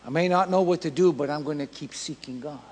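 Man, pastor, sermon, high voice, emphatic and repetitive, long church-hall reverb. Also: quick pace, husky. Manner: emphatic, repetitive preaching that builds to shouts.

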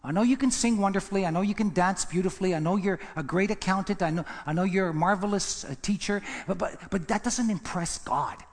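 A man preaching a sermon as pastor, emphatic, repeating words and swinging between loud and hushed lines. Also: high voice, brisk, hardly any pauses, in a large hall. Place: church.

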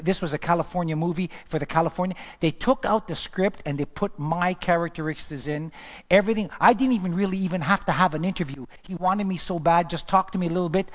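A male pastor telling his life story in a sermon, chatty and animated, asking the crowd questions and often restarting his sentences. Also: fairly high pitch. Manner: storytelling, animated, asks the audience questions, repeats himself. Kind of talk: testimony sermon.

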